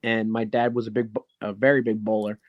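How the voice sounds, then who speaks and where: A man's voice: lowish voice, a little fast, no echo, phone-quality sound. A man who is a professional wrestler and guest on an interview show, telling stories casually and acting out quoted dialogue, with frequent swearing. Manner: animated, swears often, acts out quoted dialogue.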